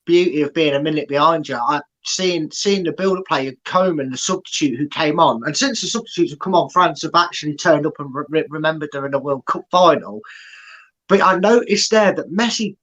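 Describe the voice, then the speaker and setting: A man's voice: fairly high pitch, fairly quick, fairly bright tone, rough recording. A football fan co-hosts a live match watchalong with a slightly raised voice. He analyses the play at length, often restarting his sentences. His tone stays chatty and considered. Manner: rambling, many restarts, analytical. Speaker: fan channel co-host.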